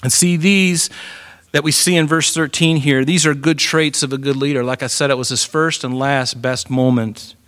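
A man preaching a sermon as pastor, animated and playful, acting out quotes with humor. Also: medium pitch, moderate pace.

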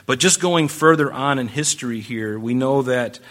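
A male pastor with a bright, forceful voice teaches scripture in a relaxed, conversational sermon. He talks to the congregation directly, tossing in rhetorical questions and quick asides. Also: mid-range voice.

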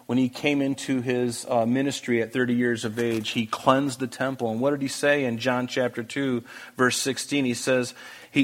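A man giving a verse-by-verse Bible teaching and reading scripture aloud with emphatic rises. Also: medium pitch.

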